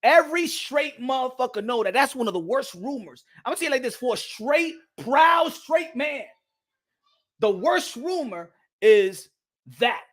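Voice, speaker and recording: A man hosting a boxing channel in casual reaction commentary, excitable and profane, laughing often and repeating himself. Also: very high voice, unhurried. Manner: repeats himself, bursts into yelps.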